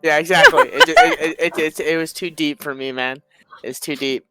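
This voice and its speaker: A man's voice: a little high, normal speed, sharp tone, smooth, dry recording, faint music behind, rough recording. A man from Minnesota, narrating a tabletop game as game master in a chatty, rambling way. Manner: chatty, rambling with repeated restarts.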